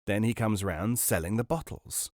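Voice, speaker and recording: A man voicing a smooth, unflappable con man with a breezy, clubby manner. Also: on the low side, moderate pace, no room sound, clean studio sound, close to an everyday voice. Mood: explaining. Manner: breezy, jovial, clipped.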